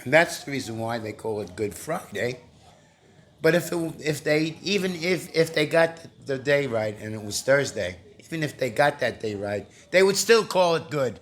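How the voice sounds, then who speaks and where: A man giving informal Bible commentary, recovering from a cough. He talks in a halting way, repeating words, asking rhetorical questions and growing insistent. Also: mid-range voice, lively intonation, a little hiss or hum. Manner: grows heated and insistent. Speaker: lay preacher.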